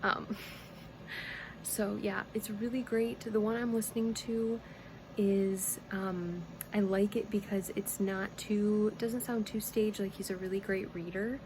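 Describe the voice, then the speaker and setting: A woman's voice: medium pitch, flat delivery, measured pace, noisy background. A woman vlogging casually about knitting, rambling and giggly, often breaking off mid-sentence. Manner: rambling, giggly, self-interrupting. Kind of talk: casual chatty vlog.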